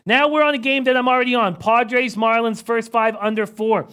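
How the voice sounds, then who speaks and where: A man with a fairly high voice hosts a live betting stream, running through odds, averages and line moves. He talks quietly and close to the mic, and he keeps the numbers coming fast. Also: fairly even intonation, clean tone. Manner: rapid stat-heavy rundown, reads out chat comments. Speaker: sports betting analyst.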